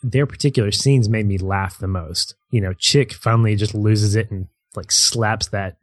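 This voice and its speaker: Low-voiced man recalling favorite scenes. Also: fairly even intonation, normal speed, no echo. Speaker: podcast co-host. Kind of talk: casual movie discussion.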